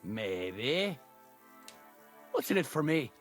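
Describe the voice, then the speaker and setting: An actor playing a sly, greedy male knacker villager with an Irish accent and a gruff, bargaining drawl. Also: mid-range voice, big pitch swings, very slow, faint music behind. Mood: scheming.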